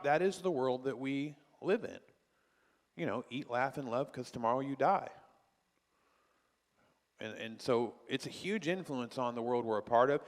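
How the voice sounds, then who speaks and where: A man's voice: medium pitch, big-room sound. A male pastor teaching a church class in a conversational way, full of rhetorical questions. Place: church hall.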